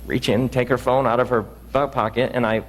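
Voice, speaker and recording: A man giving a reflective storytelling talk, earnest and halting, restarting his sentences often. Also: mid-range voice, level tone, big-room sound, low-quality recording. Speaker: speaker.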